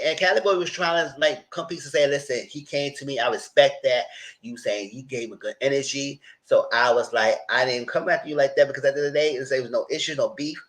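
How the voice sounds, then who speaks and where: A man's voice: medium pitch, fairly quick, a bit bright. A man hosting a reality TV recap, retelling scenes in a loose, rambling way with quoted asides. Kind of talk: casual recap commentary.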